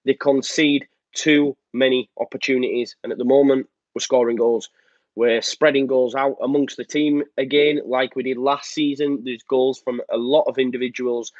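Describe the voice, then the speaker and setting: A man's voice: medium pitch, dry recording. Male live-show host, casual rambling chatter, slightly lo-fi dry recording. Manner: chatty and rambling, with many filler ums. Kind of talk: casual live-stream chat reading out viewer comments. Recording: slightly muffled dry sound.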